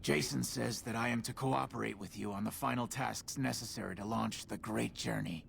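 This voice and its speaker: An actor playing a matter-of-fact engineer in a video game, with a gravelly voice. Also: male voice, fairly low pitch, normal speed, a bit bright. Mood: businesslike. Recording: game audio with faint noise.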